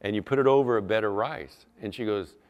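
A man's voice: lowish voice, fairly quick, lo-fi sound. A middle-aged man preaching a sermon, telling stories in a conversational way with asides to the congregation. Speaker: pastor. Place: church sanctuary. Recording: long hall reverb.

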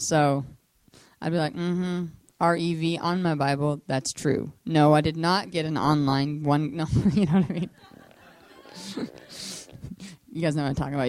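A woman's voice: low-pitched, a little mellow, dry recording. A middle-aged woman minister telling her life story to a group, acting out voices and laughing as she goes. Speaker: minister sharing testimony. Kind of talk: testimony talk to a group.

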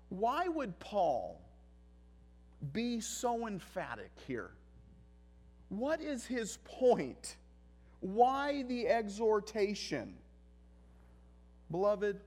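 A male pastor preaching a sermon, emphatic, with deliberate pauses and repeated phrases. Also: high-pitched, a little mellow.

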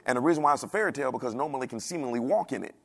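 A pastor preaches a sermon in a dialect, racing along in a mid-range voice. He's animated, putting questions to the congregation and acting out the voices of the people he quotes.

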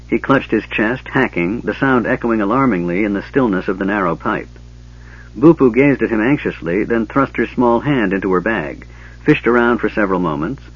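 A man narrating an audiobook in a steady storytelling manner, doing character voices. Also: lowish voice, husky, muffled recording.

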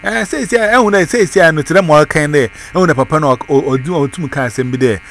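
A man's voice: fairly high pitch, quick pace, fairly bright tone, slight background noise. A man, telling a story in casual chat and switching between Twi and English. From Ghana.

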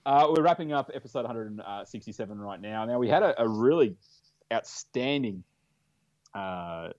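A man's voice: medium pitch, expressive, normal speed, darkish tone, dry recording, muffled recording. An Australian man hosting a podcast in a casual, jokey, chatty way. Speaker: podcast host.

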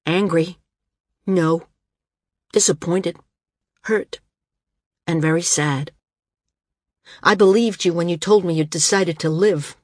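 A grave, weary man, voiced by a woman narrator, measured and sorrowful in delivery. The voice is husky and dry, recorded up close. Audiobook character reading. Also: fairly low pitch, no echo. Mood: hurt.

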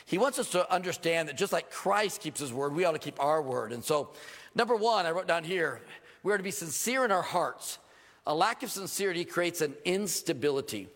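A middle-aged male pastor preaching a sermon, animated, acting out quoted voices with sudden jumps in pitch. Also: fairly quick. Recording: long reverb of a large hall.

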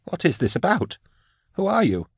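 A man's voice: on the low side, big pitch swings, moderate pace, no echo, studio quality. A man voicing a meek, frightened middle-aged male scholar in an audiobook, with a thin, reedy, nervous voice. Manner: nervous, pleading. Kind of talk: audiobook character voice.

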